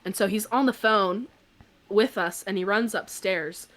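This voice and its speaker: A woman's voice: mid-range voice, unhurried. Chatty woman podcast host telling a story. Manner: chatty, peppered with "like", animated retelling. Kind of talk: casual anecdote on a podcast.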